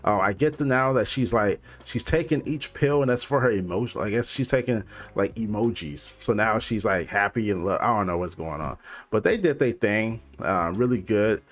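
A man's voice: on the low side, expressive, moderate pace. A young man hosting a music video reaction, talking loosely and rambling with lots of filler words. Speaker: reaction channel host.

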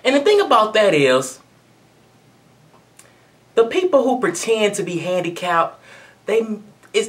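A woman's voice: mid-range voice, sing-song, unhurried, long pauses. A woman giving a blunt, conversational commentary rant to camera as a video blogger.

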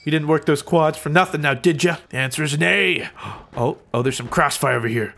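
A man with an American accent giving excitable, giggly let's-play commentary. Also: a little high, fairly quick, gravelly, a little hiss or hum. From United States. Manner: excitable, giggly, frequent shrieks. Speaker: gaming YouTuber.

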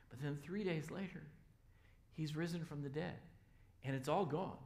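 Loud, energetic male pastor. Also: on the high side, moderate pace. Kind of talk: sermon. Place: church.

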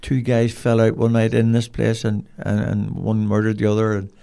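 A man's voice: lowish voice, completely flat delivery, moderate pace, vocal fry, mellow, smooth. An older man, a podcast guest telling rambling, colloquial stories in a casual interview. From Cork, Ireland.

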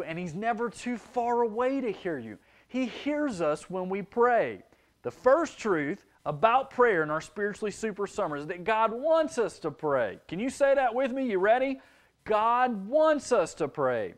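A young man preaching to kids with a high, bright pitch that swings widely up and down. He speaks in an animated, expressive way and slips into children's voices as he teaches. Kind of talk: children's sermon.

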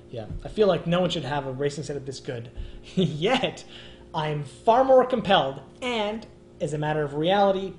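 A man's voice: medium pitch, roomy sound, slight background noise. A man hosting a casual gaming chat stream, talking emphatically and peppering his speech with "man" and "dude". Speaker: show host.

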